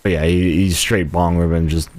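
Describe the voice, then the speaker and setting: A man's voice: low voice, fairly even intonation, moderate pace, darkish tone, no room sound. A man streaming a video game live, rambling and joking as he talks to himself and his viewers. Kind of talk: casual live gameplay commentary.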